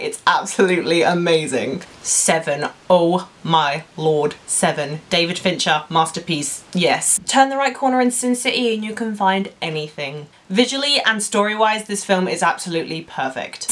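A woman's voice: fairly low pitch, a bit bright. A young woman vlogging casually about films, gushing with enthusiasm and playful sarcasm. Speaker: film vlogger. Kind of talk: casual vlog.

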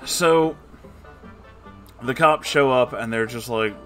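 A man's voice: medium pitch, takes it slowly, fairly bright tone, soft background music. A man giving comedic, sarcastic commentary while reading a book aloud, exasperated and swearing freely.

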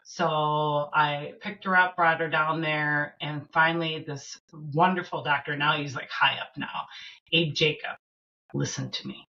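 Woman, low pitch, middle-aged, earnest halting storytelling, slightly muffled recording. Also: steady tone, sharp tone. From Minnesota. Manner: earnest, halting, with fillers and restarts. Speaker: podcast guest. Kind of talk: personal storytelling in an interview.

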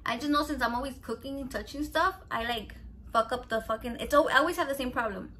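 A cooking vlogger in her thirties chats casually while making food at home, her high, somewhat bright voice moving fast over slight background noise. Her storytelling rambles and swears freely, and she slips Spanish words into her English.

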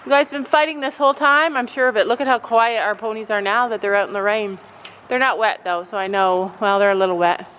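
Brief: middle-aged woman vlogger, chatty, slightly high voice, dull recording with faint outdoor noise. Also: a bit bright. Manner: chatty, talks to pets in a high baby voice. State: out of breath. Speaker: vlogger, horse owner and mother. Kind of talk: casual vlog chat.

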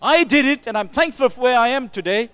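A man preaching a sermon as pastor, emphatic, moving between loud exclamations and quiet asides. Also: extremely high pitch, lively intonation, brisk, smooth, no echo, poor audio. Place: church sanctuary. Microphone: live stream recording.

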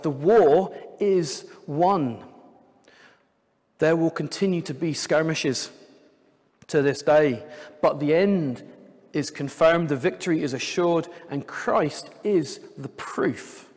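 Male preacher, slightly high voice, chatty sermon style with light humor, live in a church with a long hall echo. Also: takes it slowly, a little mellow. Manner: conversational, with light jokes. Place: church sanctuary.

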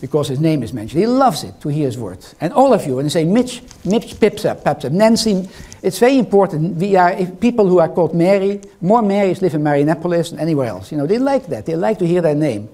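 A man's voice: on the high side, sing-song, fast, hardly any pauses, dark tone. An older man with a foreign accent giving a lecture in a hall, teasing and quizzing the audience as he goes. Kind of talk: interactive lecture.

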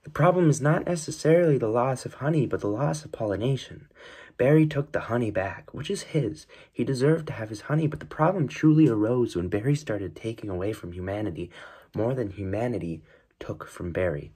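A man's voice: medium pitch, lively intonation, fairly quick, a little mellow, slightly rough. A man narrating a scripted video essay in an earnest, mock-serious tone.

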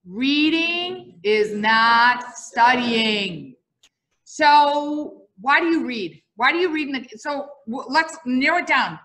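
A middle-aged woman lectures a class, her voice high and bright. She moves around and tells stories with lively energy, and keeps asking the students questions. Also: unhurried, hardly any pauses. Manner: lively, bouncy, quizzes the audience. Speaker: teacher.

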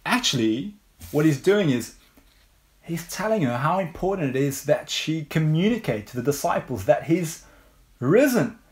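A man with an English accent preaching a sermon, unhurried and measured, leaning on rhetorical questions. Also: fairly high pitch, big pitch swings, darkish tone. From England.

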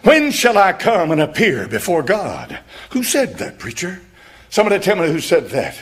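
A man preaching a fiery sermon, reading scripture softly and then shouting, repeating words for emphasis. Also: high voice, huge pitch swings, normal speed. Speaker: pastor.

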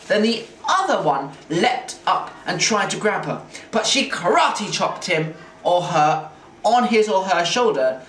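A man reading a children's chapter book aloud in an expressive, playful way, like a teacher at story time. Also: high voice. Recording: roomy, distant mic, faint hiss.

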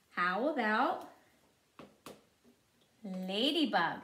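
A woman teaching preschoolers in a slow, sing-song and encouraging way, sounding out words syllable by syllable. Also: a little high, very animated, fairly bright tone, echoey room. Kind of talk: teaching young children.

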